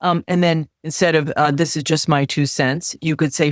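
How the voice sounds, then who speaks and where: A middle-aged woman coaching on confidence in an interview, measured and instructive, repeating key phrases for emphasis. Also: deep voice, fairly even intonation, no echo, studio quality. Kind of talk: advice in interview.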